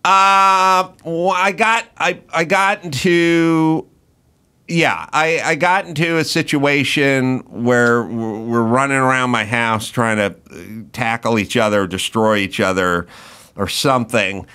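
A man's voice: mid-range voice, fairly even intonation, slow, bright, forceful tone, smooth. A middle-aged man hosting a podcast, telling rambling, profane stories with mock outrage in a casual chat. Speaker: podcast host.

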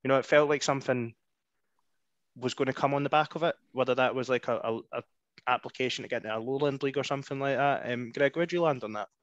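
A man's voice: mid-range voice, fast talker, dry recording. Scottish guy hosting a footy podcast, easygoing, puts questions to the others, muffled dull audio. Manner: relaxed, questioning, loose phrasing. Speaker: podcast host. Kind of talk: casual chat.

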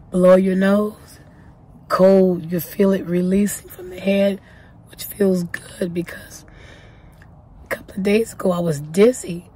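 A woman talking casually to her viewers in a vlog, hoarse from a cold, her weak voice sometimes dropping toward a whisper, chatty and thankful. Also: medium pitch, mellow. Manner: chatty, thankful, self-correcting. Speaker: vlogger. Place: parked car.

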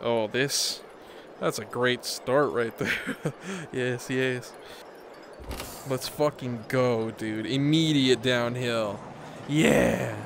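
A man giving casual, excitable commentary while playing a VR game at home, swearing casually and laughing often. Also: medium pitch, very slow, vocal fry, noisy background. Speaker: gaming streamer. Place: home room, seated on the floor.

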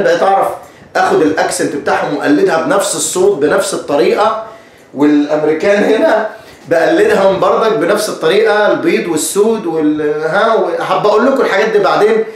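A man with an Egyptian accent hosting a bilingual English lesson. He talks in an animated way and switches between Arabic and English. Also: high voice. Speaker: English teacher and host. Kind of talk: bilingual lesson with live chat. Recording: echoey room, distant mic.

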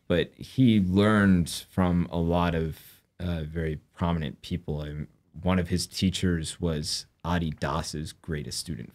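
A man with a very low voice, speaking as a guest in an interview. He explains things in an earnest, measured way. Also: darkish tone. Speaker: guest, former yoga practitioner. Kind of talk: interview conversation.

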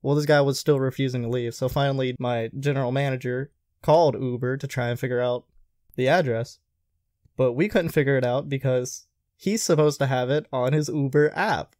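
A man's voice: mid-range voice, a little fast, dry recording, clean studio sound. A young man in casual chat, animatedly retelling stories from his restaurant job and acting out what people said. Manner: animated retelling, acts out quoted lines. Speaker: podcast host telling work stories.

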